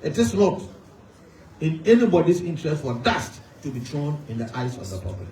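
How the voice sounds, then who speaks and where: A man's voice: a little high, very animated, normal speed, warm tone. A man with a Ghanaian accent, a traditional authority spokesman delivering a formal, emphatic press statement. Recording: echoey room, mic at a distance.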